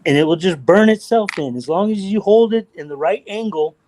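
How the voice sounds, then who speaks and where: A man's voice: high-pitched, expressive, fairly quick, darkish tone, a little hiss or hum, low-quality recording. A middle-aged man from Texas, hosting a livestream and chatting casually in a blunt, profane, rambling way. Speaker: livestream host. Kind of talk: casual chat.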